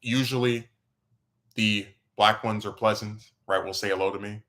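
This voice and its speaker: A man's voice: lowish voice, normal speed. A man hosting a podcast, telling a rambling story in casual chat, with his voice jumping up when he gets worked up. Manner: rambling, animated, voice jumps up when excited. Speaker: podcast host.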